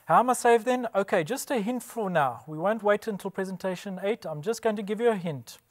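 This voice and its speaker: A Bible presenter, male, gives a scripted religious presentation with emphasis, raising rhetorical questions and then answering them himself. His voice sits high.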